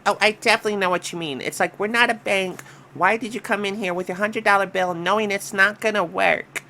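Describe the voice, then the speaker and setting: Bright-voiced chatty woman co-host. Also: mid-range voice, a little fast, slight background noise. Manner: conversational, agreeing and riffing. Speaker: co-host reacting to stories. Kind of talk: casual reaction chat, reading stories aloud.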